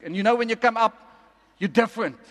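A man preaching a sermon as pastor, emphatic and repeating lines slowly for effect. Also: extremely high pitch. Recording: long reverb of a large hall.

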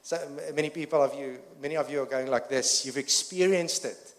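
A man's voice: medium pitch, steady tone, quick pace. A man preaching a sermon as pastor, earnest and full of restarts and fillers, building to emphatic peaks. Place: church hall. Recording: long reverb of a church hall.

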